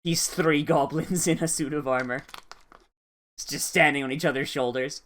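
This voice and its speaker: Casual anime reaction vlogger, profane, sarcastic, quick to laugh. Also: medium pitch, steady tone, a bit bright.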